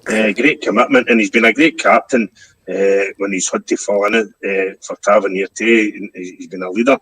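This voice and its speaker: A man's voice: fairly low pitch, steady tone, brisk, a bit bright, breathy edge, no echo, rough recording. A Scottish man speaking frankly and self-deprecatingly as a guest in a casual podcast chat. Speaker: guest fan.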